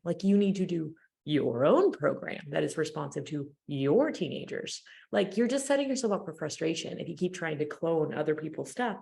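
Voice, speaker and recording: Woman with a low gravelly voice, fired up and blunt about it. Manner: animated, direct, opinionated. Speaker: youth ministry panelist. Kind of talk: casual podcast chat.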